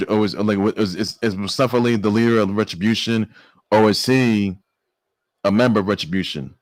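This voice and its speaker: A man hosting a sports news show, talking excitedly and stammering through restarts and exclamations. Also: fairly low pitch, no room sound. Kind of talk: casual sports news commentary.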